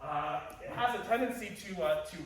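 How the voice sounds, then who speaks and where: A man's voice: sits high, lively intonation, brisk, fairly bright tone. A man co-teaching a martial arts class, explaining ideas in a wry way and laughing at his own jokes. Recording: echoey gym heard from a distance.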